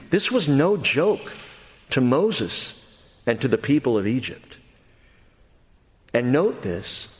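A pastor preaching an expository sermon, earnest and emphatic, going from quiet passages to loud ones. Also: male voice, medium pitch. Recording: long hall reverb.

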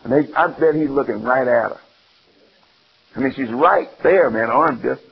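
A male preacher giving an animated sermon, acting out the scenes and putting questions to his listeners. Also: medium pitch, moderate pace, creaky, slightly rough, dull audio.

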